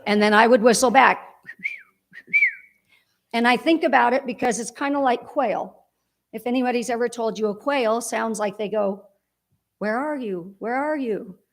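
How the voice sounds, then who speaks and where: A woman's voice: fairly high pitch, fairly even intonation, normal speed, pauses often. A woman giving a heartfelt, rambling eulogy for her father at a church memorial service.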